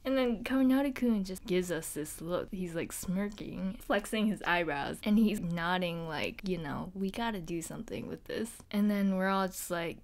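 A woman's voice: fairly low pitch, moderate pace, few pauses, natural voice. A woman playing a bubbly teenage girl at a hero school, telling a dorm story in a chatty, giggly way with many fillers. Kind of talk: in-character storytelling vlog.

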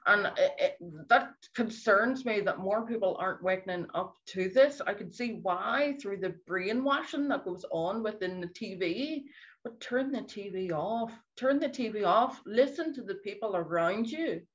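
A woman's voice: mid-range voice, expressive, a little slow. Scottish woman, thirties, earnest and pleading, interview guest, muffled lo-fi call sound. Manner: earnest, pleading, repeats for emphasis. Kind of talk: emotional interview testimony.

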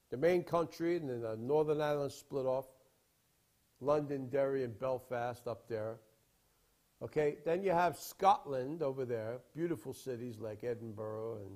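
A man preaching in a rambling storytelling style, emphatic, with sudden swings from loud to quiet. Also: medium pitch. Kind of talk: sermon storytelling.

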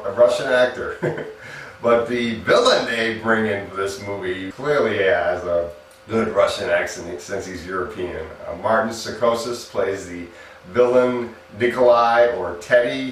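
A man's voice: on the low side, measured pace, a bit bright, slight background noise. A man giving a casual spoken movie review, chatty and laughing at his own jokes, with frequent restarts. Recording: echoey room, mic at a distance.

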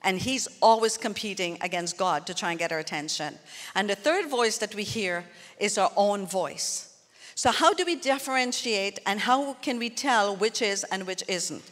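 A woman's voice: medium pitch, expressive, normal speed, fairly bright tone. A woman pastor preaching a sermon in an earnest, conversational way, turning often to the congregation with asides. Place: church hall. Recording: long hall reverb.

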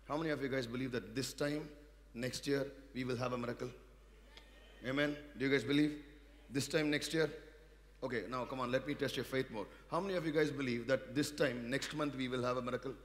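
An Indian-accented man preaches to his congregation, his voice carrying a long reverb through a big church hall. He leads call-and-response lines and drops to soft asides before surging into loud, emphatic peaks. His pitch sits in an ordinary middle range. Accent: Indian English. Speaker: pastor. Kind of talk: sermon.

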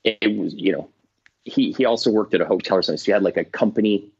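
A middle-aged man, a comedian guest, telling stories in casual chat, animated and swearing, acting out voices. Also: lowish voice, quick pace. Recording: dull lo-fi dry sound.

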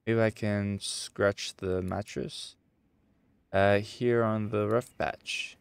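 Swedish guy mumbling through a game, low voice, slow, quiet music behind. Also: steady tone, clean tone, no echo. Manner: muttering to himself while exploring. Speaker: gamer. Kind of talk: let's play commentary.

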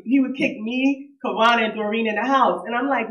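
A woman, a cousin of the deceased, giving a nervous, conversational funeral eulogy and laughing softly between memories. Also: on the high side, steady tone, a little fast. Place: funeral service hall. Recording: roomy hall echo.

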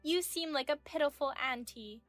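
Casting: woman doing a sneering twentysomething mistress in an audio drama, high-pitched and mocking, dry read. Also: moderate pace, a bit bright, no echo, soft background music. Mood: taunting. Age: 20s. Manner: taunting, condescending. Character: arrogant young woman medical student, mocking. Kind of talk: scripted audio drama reading.

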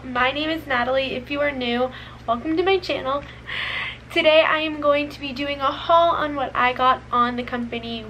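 High-voiced chatty young woman vlogger. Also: moderate pace, faint music behind, poor audio. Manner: chatty and expressive, heavy use of "like". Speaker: beauty and fashion vlogger. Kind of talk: casual try-on haul chat.

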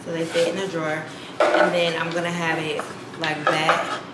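Young woman vlogger, low-ish voice, chatty and loose, echoey home with dishes clattering behind. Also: little pitch movement, normal speed, very noisy. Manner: chatty, lots of ums, calls the viewers y'all. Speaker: lifestyle vlogger. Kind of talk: casual chat to camera. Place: home kitchen and bathroom, indoors. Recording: roomy room with household clatter.

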